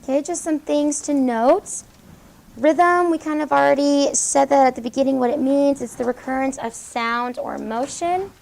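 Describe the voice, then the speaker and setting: Brisk woman teacher with a gravelly edge. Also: high voice, darkish tone, rough recording. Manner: brisk, encouraging, questioning students. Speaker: high school English teacher. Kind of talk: classroom lesson. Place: classroom.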